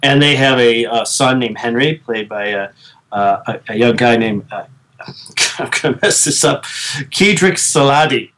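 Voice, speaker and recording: A man's voice: medium pitch, lively intonation, unhurried, fairly bright tone. Rambling man in casual podcast chat. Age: 30s. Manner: rambling, with many restarts and fillers, laughs easily. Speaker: podcast co-host.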